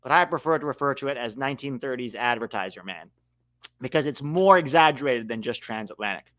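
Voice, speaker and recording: A man hosting a live match watch-along, calling the play in an excitable, joking way. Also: mid-range voice, fairly quick. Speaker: host and commentator.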